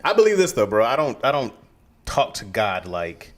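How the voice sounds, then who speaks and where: A man co-hosting a podcast in casual chat, telling animated stories and slipping into playful voices. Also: mid-range voice, normal speed. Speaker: podcast co-host.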